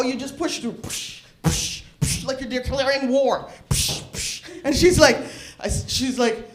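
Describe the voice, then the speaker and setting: A middle-aged woman doing a stand-up comedy set, profane and animated, laughing at her own jokes. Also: high voice, normal speed, few pauses, reverberant, slight background noise. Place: bar open mic stage.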